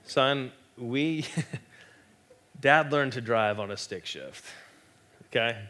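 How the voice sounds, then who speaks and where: Male pastor, middle-aged, bright tone; animated, joking sermon delivery with acted-out quotes. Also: medium pitch, slow pace. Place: church.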